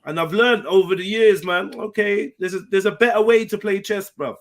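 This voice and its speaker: A man talks in a fairly high voice, full of street slang and quick asides. He is hosting a casual panel discussion and speaks with animated conviction. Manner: animated, slang-heavy, acts out quoted voices. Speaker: panel host.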